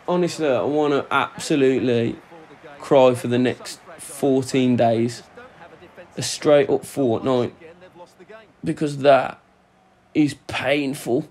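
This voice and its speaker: A young man giving excitable, sweary commentary over a football video game, shouting at his players. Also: a little high, slow. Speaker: gaming YouTuber. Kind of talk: live gameplay commentary. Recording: faint music under voice.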